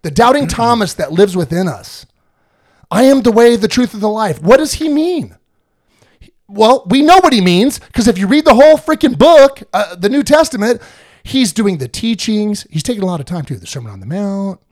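Male podcast host, high-pitched and animated, slangy casual chat. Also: moderate pace. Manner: animated, slangy, repetitive restarts.

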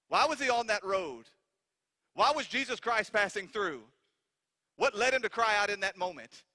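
High, bright-voiced male preacher in a hall. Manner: impassioned preaching with rhetorical questions. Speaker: pastor. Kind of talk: sermon.

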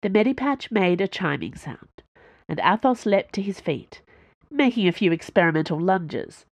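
A woman reading a story aloud in an even, measured narration. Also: medium pitch, no echo, muffled recording. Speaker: audiobook narrator. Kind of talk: scripted narration.

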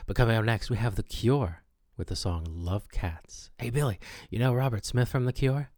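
A man hosting a comedic mock radio show with deadpan, pompous announcer patter. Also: mid-range voice, moderate pace, no echo, clean studio sound. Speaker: host.

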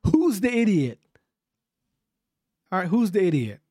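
A man's voice: high voice, sing-song, measured pace, mellow, dry recording, studio quality. A man hosting his own podcast, speaking in an emphatic, repetitive and profane rant. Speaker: podcast host.

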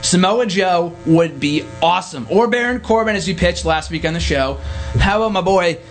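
A man hosting a casual wrestling talk show in a small radio studio, excitable and jokey. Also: high voice, a little hiss or hum. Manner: excitable, jokey, quick to shout. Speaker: podcast host.

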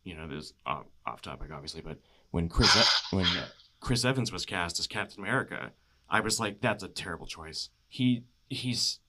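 Low, bright-voiced man chatting casually. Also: moderate pace. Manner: rambling, many "you know" fillers, laughs often. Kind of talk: casual film chat.

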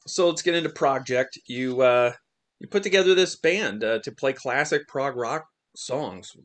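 A man's voice: medium pitch, measured pace. A man hosting a podcast, asking brief conversational questions. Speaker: podcast host. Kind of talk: casual interview.

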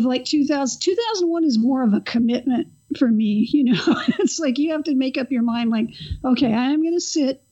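A woman's voice: on the high side, warm tone. A woman co-hosting a podcast, chatting casually about films in a rambling way with many fillers. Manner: rambling, lots of fillers and restarts. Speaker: podcast co-host. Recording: dull, lo-fi audio.

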